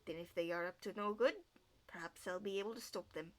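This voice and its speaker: A woman's voice: on the low side, brisk, lightly acted. A woman voicing a wary young woman knight. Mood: brooding. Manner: quiet, brooding inner monologue. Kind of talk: reading a story game aloud.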